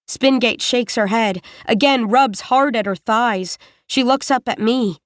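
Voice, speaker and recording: Woman narrating an audiobook, slow and deliberate, higher voice, dry sound. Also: dry recording. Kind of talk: scripted first-person narration.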